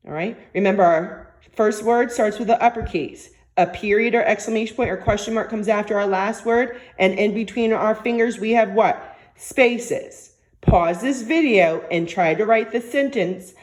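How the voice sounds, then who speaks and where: In a recorded phonics lesson for young kids, a female teacher slowly and patiently dictates words and sentences, offering lots of encouragement. Her voice sits in the mid range.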